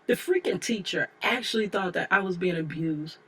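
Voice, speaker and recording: A woman's voice: fairly low pitch, lively intonation, moderate pace, breathy edge. A woman in her forties reading her own memoir aloud as an audiobook, telling it candidly with chatty asides to the listener. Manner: candid storytelling, conversational asides. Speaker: memoir author and narrator.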